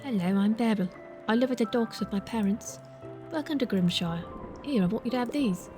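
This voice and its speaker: Woman voicing a chirpy young animal girl, friendly, higher voice, game character. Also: brisk, music in the background, lightly acted. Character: cheerful young animal girl living at the docks.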